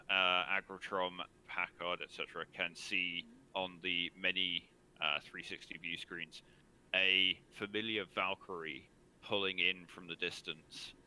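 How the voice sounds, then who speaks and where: A man running a tabletop game as game master, narrating the scene in a measured way with frequent pauses. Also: deep voice, steady tone, sharp tone, a little hiss or hum, rough recording.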